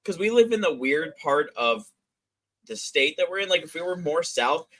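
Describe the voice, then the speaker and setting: A man's voice: a little high, lively intonation, moderate pace, a loud crowd. An American man in a casual group chat, blunt and self-mocking, swearing freely. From United States.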